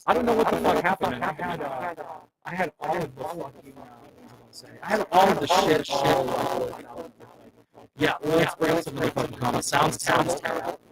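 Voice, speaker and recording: A man hosting a live stream, talking loudly with constant swearing, frustrated and apologetic. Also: a little high, expressive, moderate pace, gravelly, a loud crowd, rough recording. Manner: loud, profane, frustrated and apologetic. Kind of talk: casual live stream chat.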